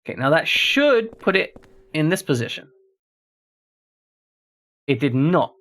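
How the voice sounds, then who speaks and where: A man's voice: on the high side, big pitch swings, a little slow, fairly bright tone. A man streaming a horror game, talking casually through a puzzle and chatting to his viewers as he plays. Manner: thinks aloud while solving a puzzle, chats to viewers. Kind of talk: casual gameplay commentary.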